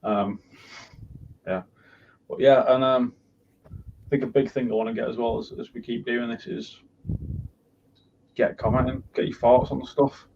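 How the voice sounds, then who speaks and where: A man's voice: medium pitch, steady tone, moderate pace, long pauses, darkish tone. A man co-hosting a casual motorsport chat show, rambling, tired and jokey, with plenty of swearing. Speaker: podcast co-host. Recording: muffled lo-fi sound with noise.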